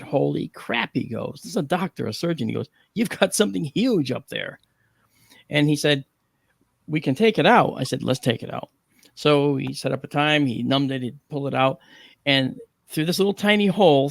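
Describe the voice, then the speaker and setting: A middle-aged man on a talk panel, telling a story with animated, acted-out dialogue and frequent 'okay?' check-ins. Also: on the high side, gravelly, no room sound, studio quality. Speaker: panel guest.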